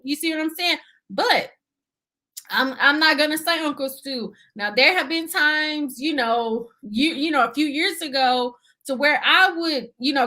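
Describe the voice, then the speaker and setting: Young adult woman, high and bright, earnest talkative guest in a casual interview. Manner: earnest, talkative, many fillers and "you see what I'm saying". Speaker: guest, budgeting YouTuber.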